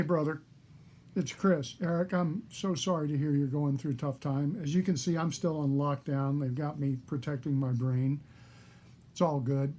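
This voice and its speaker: A man from Texas telling a crude joke to a friend in a relaxed, casual way, swearing freely. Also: fairly high pitch. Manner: relaxed, swearing, warm-hearted storyteller. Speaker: guest actor.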